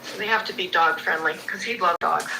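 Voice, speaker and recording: A woman's voice: on the low side, fairly quick, vocal fry, very noisy. A woman pet owner chatting casually, rambling and restarting her sentences. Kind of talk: casual street chat.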